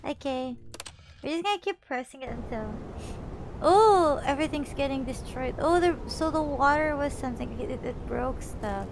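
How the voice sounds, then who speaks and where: A woman's voice: high-pitched, normal speed, noisy background. A woman streaming a game, chatting playfully in a childlike way and repeating phrases. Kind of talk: live game commentary.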